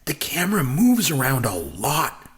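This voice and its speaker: A man's voice: medium pitch, wildly swooping pitch, unhurried, a bit bright. A man co-hosting a podcast, chatting casually and enthusiastically about a film, rambling with many fillers. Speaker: podcast co-host, film reviewer. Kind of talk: casual movie review chat.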